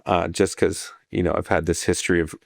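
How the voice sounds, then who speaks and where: A man's voice: low voice, flat delivery, a little fast, gravelly, a little mellow, no room sound, clean studio sound. A young man co-hosting a podcast, telling a funny story in a rambling, joking way with lots of fillers. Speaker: podcast co-host.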